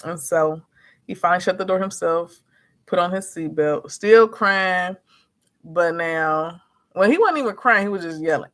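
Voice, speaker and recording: Gravelly-voiced woman telling a story. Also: lowish voice, normal speed. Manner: animated, acts out quotes, frank and profane. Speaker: notary and vlogger. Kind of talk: casual storytelling chat.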